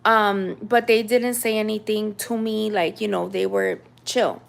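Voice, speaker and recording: Chatty woman with a gravelly voice. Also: mid-range voice, measured pace. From United States. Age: 30s. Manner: chatty, animated retelling with many fillers. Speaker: storyteller. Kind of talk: casual storytime vlog.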